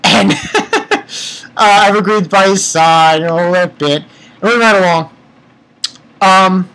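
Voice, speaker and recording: A man's voice: sits high, slow pace, long pauses, sharp tone, low-quality recording. A man giving a casual, rambling chapter review, retelling scenes and swearing offhandedly. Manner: reads character lines aloud in summary. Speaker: manga reviewer.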